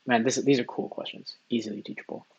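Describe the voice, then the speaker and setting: Low gravelly guy muttering through test questions to himself, kinda husky. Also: fairly even intonation, quick pace, highs cut off. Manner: mumbles questions half-aloud, thinking out loud. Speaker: test-taker and tutor. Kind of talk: think-aloud practice test, muttering while reading.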